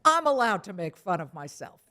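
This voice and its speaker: A woman's voice: mid-range voice, brisk. A middle-aged woman, a TV news anchor, speaking frankly and emphatically as an interview guest. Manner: frank, emphatic, animated storytelling. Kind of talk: casual interview conversation.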